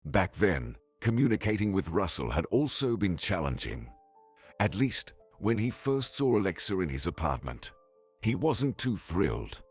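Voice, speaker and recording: A man narrating a scripted story in an even storytelling delivery. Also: low voice, moderate pace, husky, faint music behind.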